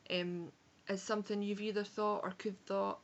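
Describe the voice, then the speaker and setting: Young Edinburgh woman, frank and chatty book vlogger, creaky edge, muffled webcam sound. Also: medium pitch, little pitch movement, moderate pace. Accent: Scottish, Edinburgh. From Scotland. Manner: chatty, frank, sprinkled with swearing and self-corrections. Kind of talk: casual book review vlog. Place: home room on a rainy day.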